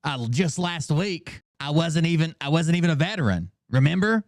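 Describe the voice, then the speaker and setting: A man in his thirties hosting a live stream, mocking and swearing, with bursts of shouting. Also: a little high, lively intonation, moderate pace, no echo, studio quality. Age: 30s. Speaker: streamer host. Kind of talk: casual live-stream commentary.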